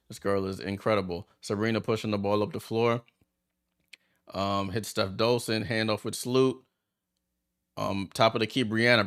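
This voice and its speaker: Man, gravelly voice, casual play-by-play, excitable watchalong host. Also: on the low side. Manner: chatty and excitable, reacting aloud to plays. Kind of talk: casual live play-by-play commentary.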